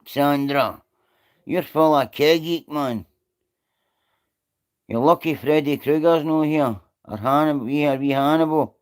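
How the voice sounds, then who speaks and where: A man's voice: mid-range voice, a little mellow, clean tone. A Scottish man on a live stream, rambling and greeting viewers by name in casual chat.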